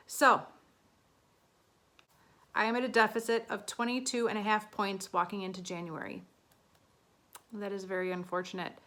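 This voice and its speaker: Bright-voiced chatty woman beauty vlogger. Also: medium pitch. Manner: chatty, flustered, counting aloud. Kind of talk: casual talk to camera.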